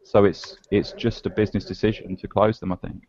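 A man's voice: on the low side, little pitch movement, brisk, darkish tone, a little hiss or hum. A man co-hosting a podcast, telling a story in casual, slightly wistful chat. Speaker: podcast co-host. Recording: dull lo-fi podcast audio.

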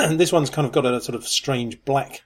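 Measured man, mid pitch. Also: slightly rough. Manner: measured, many ums, wry. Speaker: podcast co-host. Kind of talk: casual chat.

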